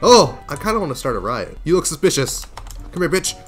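A man giving casual gameplay commentary, swearing constantly, laughing a lot and breaking into sudden yelled outbursts. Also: on the high side, sing-song, brisk. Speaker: gaming video creator. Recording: game music playing under voice.

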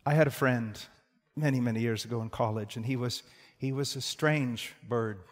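A man in his sixties preaching a sermon, moving between forceful emphasis and hushed tones and repeating his key phrases. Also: mid-range voice, moderate pace. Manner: dramatic swings from loud emphasis to hushed tones. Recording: long hall reverb.

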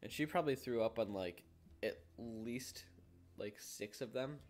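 A man's voice: mid-range voice, measured pace, soft background music. Young man reading a game aloud, laughing. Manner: reads game text aloud, laughs often. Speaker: let's play host reading a dating game aloud. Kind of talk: casual gameplay commentary.

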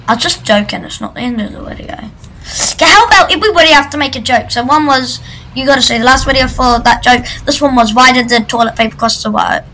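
A female gaming video creator with a high, sharp voice gives casual, jokey commentary while she plays, chatting and shrieking at what happens in the game. She's recorded roughly on a computer microphone.

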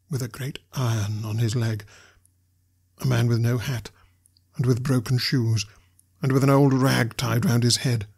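A man reading a classic novel aloud as an audiobook narrator, with measured storytelling delivery. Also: mid-range voice, slightly rough.

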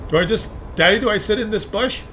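A man voicing a small childlike player who pleads for his daddy, whiny and needy, over loud game noise. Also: sits high, quick pace, voice pushed up.

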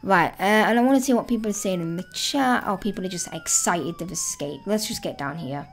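A woman hosting a gaming video, chatting excitedly and thinking aloud as she plays. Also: medium pitch, a little fast, a little hiss or hum. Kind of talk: casual let's-play commentary.

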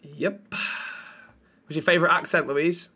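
A man's voice: fairly high pitch, steady tone, slow, bright, forceful tone, slight background noise. Cheeky sweary Mancunian man. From Manchester, England. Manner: cheeky, teasing, sweary, calls people love. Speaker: role-play streamer. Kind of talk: casual in-character role-play banter.

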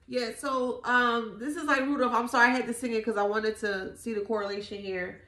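A woman giving a casual tarot reading, animated and slangy, swearing often and repeating herself. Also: fairly high pitch, fairly quick, hardly any pauses, reverberant. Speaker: tarot reader.

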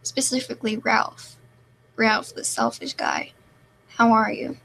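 A young woman answers viewer comments with a deadpan, self-mocking delivery. Her voice sits a little high and carries a gravelly fry. A faint hum runs under the home recording. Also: unhurried, low-quality recording. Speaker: live streamer. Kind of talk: casual live-stream chat reading comments.

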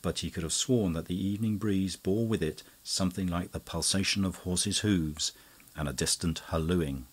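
A man narrating an audiobook in a measured, even storytelling manner. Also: low-pitched, husky. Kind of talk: scripted narration.

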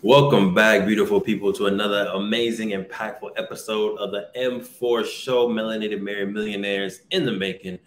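A man's voice: lowish voice, steady tone, moderate pace, hardly any pauses, roomy sound. A man hosting a casual podcast, talking with an upbeat, hype-man delivery and leaning on repeated catchphrases. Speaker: podcast host. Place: vacation lodging abroad, indoors.

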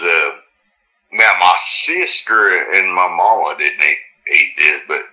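A man talking slowly in a casual podcast chat, his deep voice bright and lively as it swings up and down. He speaks in a rural, folksy drawl. The room around him is echoey. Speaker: podcast co-host.

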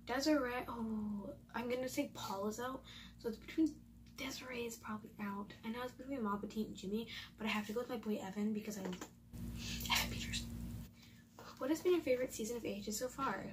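A woman's voice: a little high, fast talker, distant mic, noisy background. A young woman vlogging at home, chatting casually as she reads and answers quiz questions aloud. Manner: chatty, thinking aloud, reading quiz options. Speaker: YouTuber.

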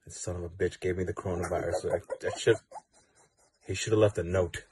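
A man delivering a mock-serious, profane comic rant in a dark room lit by a flashlight. He lurches from hushed whispers to loud outbursts. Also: low-pitched, level tone, brisk, background noise. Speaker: comedy video maker.

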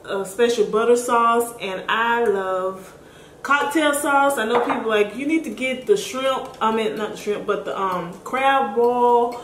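A woman's voice: fairly high pitch, unhurried. A woman co-hosting a home vlog in casual chat, giggly and chatty. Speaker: vlog co-host. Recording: echoey room with faint noise.

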